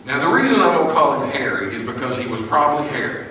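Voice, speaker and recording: A man's voice: medium pitch, big pitch swings, quick pace. Man telling a dramatic sermon story. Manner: vivid, shifts from loud to hushed. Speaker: preacher. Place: live venue, large hall. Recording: echoey hall from a distance with noise.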